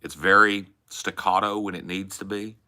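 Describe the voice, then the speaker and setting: Deep-voiced Texan man, chatting. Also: moderate pace. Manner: candid, rambling, relaxed drawl. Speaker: podcast host. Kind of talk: casual chat.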